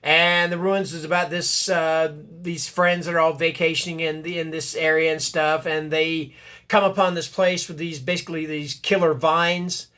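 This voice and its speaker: A man's voice: on the high side, little pitch movement, moderate pace, pushed and bright. A man chatting casually about books, rambling and correcting himself, with bursts of enthusiasm and blurbs read aloud. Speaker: booktuber. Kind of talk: casual book chat and reading blurbs aloud.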